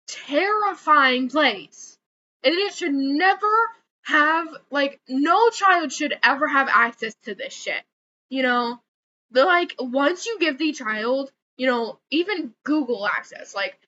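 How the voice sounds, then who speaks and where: A young woman with a high, bright voice rants heatedly into the camera, swearing and circling back over her points. The sound is a little dull and lo-fi. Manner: heated, swearing, repeats words. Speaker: vlogger. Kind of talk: angry rant to camera.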